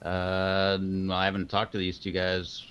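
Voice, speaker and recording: A man's voice: sits low, monotone, a little slow, fairly bright tone, clear, resonant tone. A man hosting a casual livestream, chatting in a rambling way with lots of fillers. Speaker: livestream host. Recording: dull lo-fi sound.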